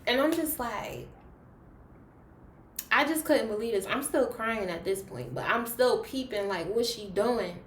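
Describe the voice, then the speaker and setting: A young woman vlogger telling a story in a casual, animated way, her voice jumping from soft to loud as she relives it. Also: fairly high pitch, moderate pace, hardly any pauses, slight background noise. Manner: animated, dramatic retelling with big swings in loudness. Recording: roomy echo.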